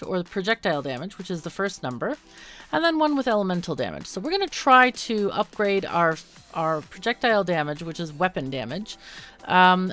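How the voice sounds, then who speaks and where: A woman's voice: mid-range voice, a bit bright. A woman hosting a casual let's-play, chatting through the game with lots of ums and self-corrections. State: hiccuping. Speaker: gaming channel host.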